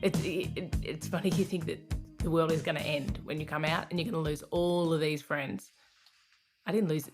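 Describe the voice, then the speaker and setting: A woman in her thirties with an Australian accent, a guest telling candid personal stories in a casual interview, often laughing and restarting her sentences. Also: deep voice. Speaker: guest, comedian and radio host.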